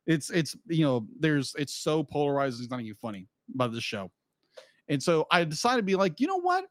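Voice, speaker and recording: A man co-hosting a podcast in loose, casual chat. He rambles, restarts his sentences and keeps adding asides. His voice sits slightly high, and the sound is dry and close. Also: expressive, a little fast, no room sound. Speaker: podcast co-host.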